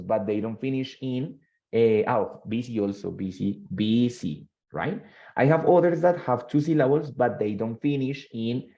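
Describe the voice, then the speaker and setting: A man's voice: mid-range voice, creaky, mellow, muffled recording. A male English teacher, giving a bilingual classroom lesson and quizzing his students. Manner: switches between English and Spanish, quizzes students.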